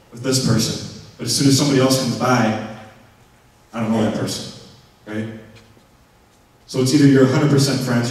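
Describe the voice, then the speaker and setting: A man with an American accent, a motivational speaker telling a lively story to students in a school auditorium and acting out the scenes as he talks. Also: mid-range voice. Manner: animated and playful, acting out scenes. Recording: echoey hall from far off.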